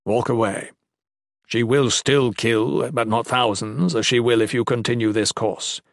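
A man's voice: medium pitch, fairly even intonation, vocal fry, dry recording, clean studio sound. A man doing a grave old magician. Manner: grave, measured warnings. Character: grave old male magician, calm and stern.

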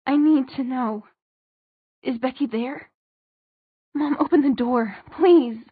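A young man turned vampire begs at his mother's door, his shouts cracking with despair, read by a woman. Her tone is husky, and the sound is narrow-band and completely dry. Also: sits high, slow, dry recording, pitched above the performer's own voice, full character voice. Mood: desperate. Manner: shouting, pleading, voice breaking.

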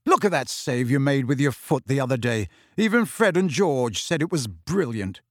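A man voicing a steady teenage boy who speaks firmly and bracingly. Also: medium pitch, normal speed, dry recording, studio quality. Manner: firm, bracing.

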